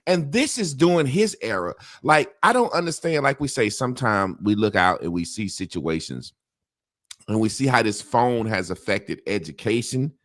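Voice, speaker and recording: A blunt middle-aged man talks through his views in a rambling, profane way. His mid-pitched voice sounds dry, with no room echo. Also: animated, moderate pace, a bit bright. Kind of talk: casual talk-show conversation.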